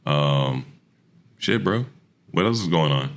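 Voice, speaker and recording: A young man with a very deep, low-pitched voice co-hosts a casual podcast. He talks in a laid-back, profane way and jokes around freely. His delivery is loose and conversational. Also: lively intonation, takes it slowly. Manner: laid-back, profane, joking, breaks into laughs and mimicry. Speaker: podcast co-host.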